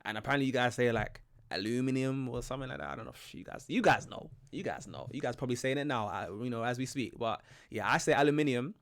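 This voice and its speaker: A young British man talks quickly, his words tumbling out in a loose, joking stream of asides. His accent is plainly British. He keeps it casual and friendly, as if talking straight to his viewers. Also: medium pitch, animated, vocal fry, fairly bright tone. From Britain. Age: young adult. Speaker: reaction channel host. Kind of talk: casual reaction commentary.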